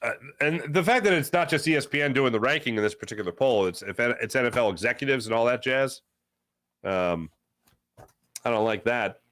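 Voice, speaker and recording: A man hosting a casual sports talk show, animated and emphatic, repeating phrases for effect. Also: mid-range voice, brisk. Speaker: sports podcast host.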